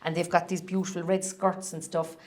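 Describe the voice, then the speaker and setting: A middle-aged woman with a Cork accent, chatting as a podcast guest and telling stories in quick, rambling bursts. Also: lowish voice, flat delivery. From Ireland. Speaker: guest singer-songwriter. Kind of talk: casual podcast interview.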